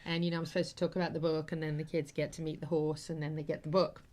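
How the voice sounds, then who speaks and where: Low-voiced woman telling a heartfelt story. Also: little pitch movement, fast, darkish tone. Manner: emotional, earnest storytelling with fillers. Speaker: talk show host. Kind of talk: casual storytelling.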